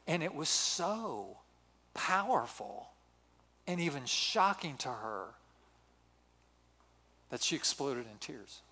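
A man in his sixties, a pastor telling a personal story in a sermon with animated, self-mocking humor. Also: fairly high pitch, slow pace, long pauses, slightly rough. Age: 60s. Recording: reverberant hall.

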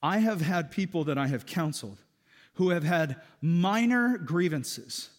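Animated male pastor preaching in a reverberant hall. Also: sits high. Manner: animated preaching, voice rising for emphasis. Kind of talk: sermon. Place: church sanctuary.

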